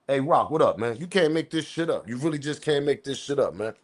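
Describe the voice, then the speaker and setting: A man hosting a commentary video, ranting about the news with profanity and loud emphatic bursts. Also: mid-range voice, animated, a little fast. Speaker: commentary channel host.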